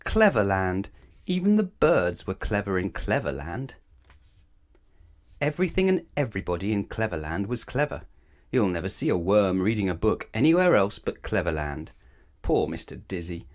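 A man reading a children's storybook aloud in an expressive, sing-song way. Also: lowish voice, normal speed.

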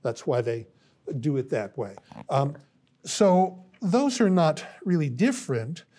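An older man, a philosophy professor, giving a university lecture in a thoughtful, halting way with many pauses and restarts. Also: on the high side, big pitch swings, mellow. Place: college classroom.

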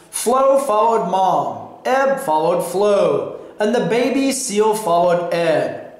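A man with a fairly high voice reads a children's picture book aloud, word by word, very slowly. His reading is deliberate and clearly paced for learners, and the sound rings through a very echoey room. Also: lively intonation. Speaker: storybook reader. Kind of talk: slow read-aloud for learners.

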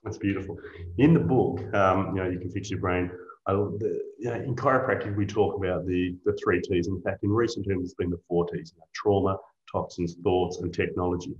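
Deep-voiced male host, dull echoey sound. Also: steady tone, brisk, a little mellow. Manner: rambling, long wind-up questions with fillers. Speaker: interview host. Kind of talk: interview questions.

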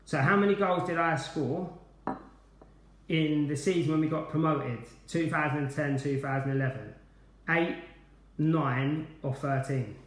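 A cheerful man runs a quiz over a live stream, chatting and calling out viewers' names between questions. His voice sits a bit high for a man. The room around him is echoey. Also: measured pace. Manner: chatty, upbeat, greeting viewers by name. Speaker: quiz host, former player.

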